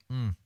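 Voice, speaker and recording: A man's voice: warm tone, dry recording, studio quality. A man chatting casually on a livestream, laid-back and swearing freely while he eats.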